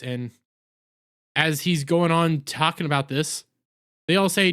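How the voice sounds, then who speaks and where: A man's voice: a little high, a little slow, long pauses, fairly bright tone, clear, resonant tone. A man casually recapping an anime episode, rambling with lots of fillers and correcting himself mid-sentence. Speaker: anime reviewer.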